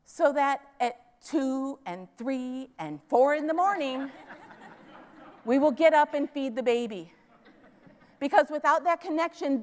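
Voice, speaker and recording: Middle-aged woman from Minneapolis, high voice, keynote storyteller; recorded in a large reverberant hall. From Minneapolis, US Midwest. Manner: storytelling, asks the audience "right?" often. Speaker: conference keynote speaker. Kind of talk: keynote talk. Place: conference hall stage.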